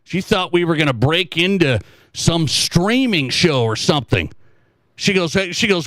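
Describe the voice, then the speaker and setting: A middle-aged man hosting a sports talk show, telling stories in a rambling, animated way with repeated phrases. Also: sits high, normal speed, no echo. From South Dakota. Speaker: sports talk radio host. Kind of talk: casual sports talk monologue.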